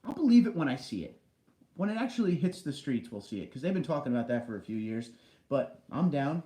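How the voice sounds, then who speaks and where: Man, livestream host, casual chatty delivery, mid-pitched voice, echoey basement room. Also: sing-song, a little fast, dark tone. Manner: chatty, reads comments aloud and answers them. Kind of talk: casual livestream chat reading viewer comments. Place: large basement room indoors.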